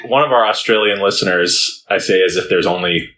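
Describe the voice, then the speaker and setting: A man's voice: deep voice, brisk, pushed and bright. A man co-hosting a podcast in casual chat, with a dry, teasing humor. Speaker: podcast co-host.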